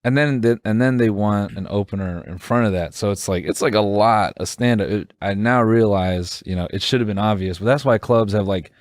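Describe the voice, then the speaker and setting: A man with a fairly low voice tells a story on a podcast in easy, rambling chat. He piles on fillers and false starts as he goes. The sound is dry and close. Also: a little fast, hardly any pauses, dry recording. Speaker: podcast co-host; stand-up comedian. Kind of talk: casual chat.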